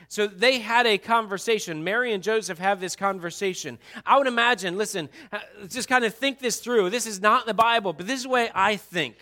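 A man's voice: high voice, sharp tone. A male pastor giving a conversational sermon and telling stories animatedly to a congregation in a church.

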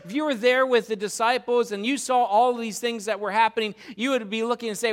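A man preaching a sermon as pastor, telling the story with animated storytelling and acting out the crowd's voices. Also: very high voice, a little fast, few pauses.

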